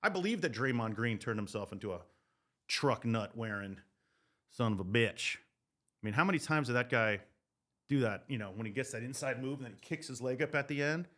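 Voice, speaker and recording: A man hosting a sports podcast, ranting comedically with loud, profane riffs. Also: mid-range voice, fairly quick. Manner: loud, profane, animated riffing. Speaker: podcast host.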